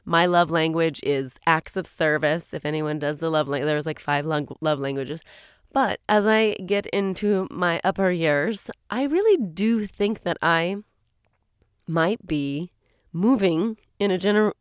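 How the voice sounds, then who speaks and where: A woman in her forties co-hosts a podcast, chatting alone in a small closet at home in a rambling way that keeps breaking off mid-thought. Her voice sits on the low side and sounds animated, clear and resonant, at a measured pace. The recording is dry with clean studio sound.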